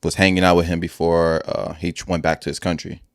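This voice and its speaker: A man's voice: deep voice, flat delivery, a little fast, no echo, clean studio sound. A man co-hosting a podcast, telling a rambling story in casual chat with frequent restarts and self-corrections. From Wisconsin. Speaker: podcast co-host.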